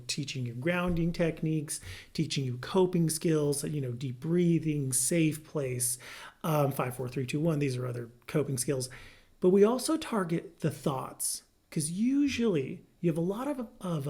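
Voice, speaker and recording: Lively male therapist explaining therapy. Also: on the high side. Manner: lively, good-humored, laughs through personal example. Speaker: licensed marriage and family therapist. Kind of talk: educational explainer to camera.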